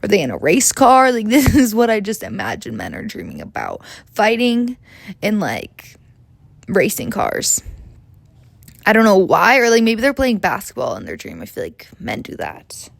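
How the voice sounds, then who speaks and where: Young woman, podcast host, comedic monologue, chatty and profane, vocal fry, animated pitch. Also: normal speed, dry recording. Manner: chatty, rambling, profane, self-mocking.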